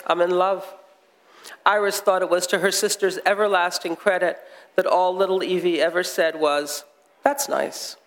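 High-voiced American man in a hall. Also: little pitch movement, moderate pace, fairly bright tone, a little hiss or hum. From United States. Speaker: author. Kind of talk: reading aloud and chatting onstage. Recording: long hall reverb.

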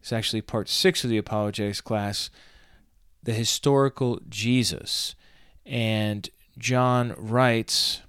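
A man's voice: fairly low pitch, fairly even intonation, slow pace, fairly bright tone, smooth, no echo, clean studio sound. A man hosting a podcast, reading out listener comments and answering them in an earnest, explanatory way with a touch of self-deprecating humor. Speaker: podcast host.

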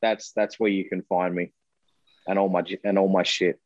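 A man's voice: sits low, flat delivery, normal speed, dry recording. Man, candid interview guest, earnest, swears casually, dull lo-fi sound. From Australia. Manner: open, earnest, swears freely. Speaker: guest, musician.

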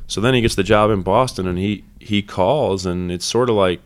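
A man's voice: on the low side, normal speed, few pauses, clear, resonant tone. A man in his thirties, a basketball head coach, talking candidly and reflectively in an interview, with many fillers and restarts.

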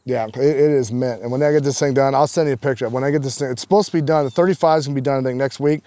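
A man talks fast on a casual podcast, swearing freely and working up his stories with animated energy. His voice sits at an average pitch, recorded dry and close. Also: no room sound. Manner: profane, animated storyteller. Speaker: guest, professional golfer.

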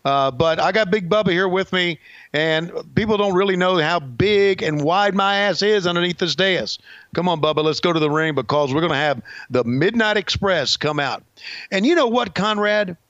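A man's voice: high-pitched, moderate pace, fairly bright tone, dry recording, pitched above the performer's own voice. A man doing a brash crude wrestling manager. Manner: boastful, vulgar, rambling. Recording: dull lo-fi sound.

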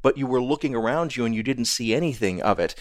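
A man hosting an interview, asking thoughtful, measured questions and reflecting back on his guest's answers. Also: medium pitch, animated, no room sound, studio quality. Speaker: podcast host.

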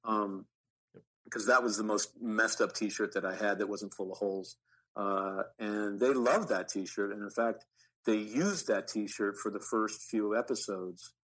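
A middle-aged man talks as a guest, telling stories from his acting past with eager restarts. His voice sits a little low, bright and forward in tone, with a husky grain. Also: measured pace, rough recording. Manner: animated anecdotes with frequent restarts. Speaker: actor guest. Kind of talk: storytelling interview.

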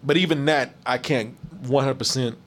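A man reviewing a movie in casual chat with a live stream, animated and profane, mocking bad lines. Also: mid-range voice, moderate pace.

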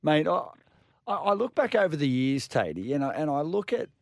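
A man with an Australian accent co-hosting sports radio, asking long halting questions full of restarts. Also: fairly high pitch, very animated, vocal fry, dry recording, clean studio sound. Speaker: radio co-host. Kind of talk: casual radio chat. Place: radio studio.

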